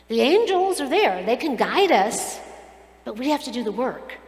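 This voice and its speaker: A woman rabbi delivering a sermon, telling everyday stories with earnest, expressive delivery and acting out the people she quotes. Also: on the high side. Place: synagogue sanctuary. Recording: echoey hall with long reverb.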